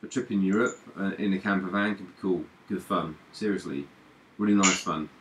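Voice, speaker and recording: Low-pitched male stream host, rambling casual chat. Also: steady tone, fairly quick, fairly bright tone, a little hiss or hum. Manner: rambling, repeats words, laughs often.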